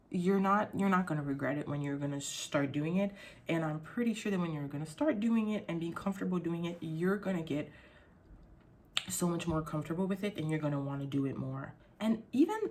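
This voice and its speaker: A young adult woman vlogging in casual chat, rambling and swearing freely, her voice jumping up when she gets excited. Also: lowish voice.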